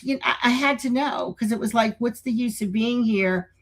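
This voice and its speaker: A middle-aged woman co-hosting a paranormal talk show, telling a story in a casual, animated way and laughing often. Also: a little high, moderate pace, rough recording. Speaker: podcast co-host.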